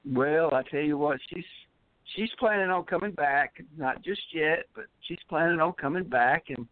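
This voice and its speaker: A man's voice: fairly high pitch, normal speed, no echo. Rambling upbeat man on a phone line. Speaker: poet and regular caller. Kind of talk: casual chat.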